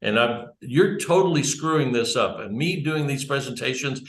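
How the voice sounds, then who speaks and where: With lively intonation at a moderate pace, a medium-pitched man gives a church talk in a conversational way, wandering and fixing his own words as he goes. A small audience listens in a church room, and the recording sounds roomy and echoey.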